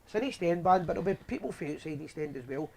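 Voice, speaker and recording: A man's voice: a little high, expressive, racing, gravelly, a little mellow. A Scottish man hosting a live fan show, chatting and telling stories in a rambling way. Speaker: host. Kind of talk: casual live show chat.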